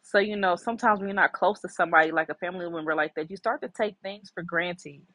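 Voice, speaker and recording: A woman's voice: lowish voice, fast talker, pushed and bright, dry recording, rough recording. Candid middle-aged woman telling a personal story. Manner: candid and reflective, many fillers. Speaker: podcast host.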